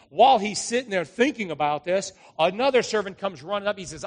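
A middle-aged male pastor preaching a sermon, telling stories and acting out the voices with drawn-out dramatic lines. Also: high voice, lively intonation. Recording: long hall reverb.

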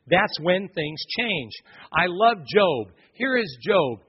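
A man's voice: sits high, lively intonation, normal speed, breathy edge. A man preaching a sermon, speaking emphatically and telling stories as he addresses the congregation directly. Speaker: pastor. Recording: echoey hall, dull lo-fi recording.

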